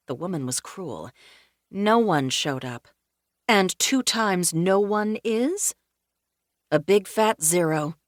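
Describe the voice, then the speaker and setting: A woman narrating a cozy mystery audiobook in first person, with a wry, deadpan humor. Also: on the low side, no echo, studio quality.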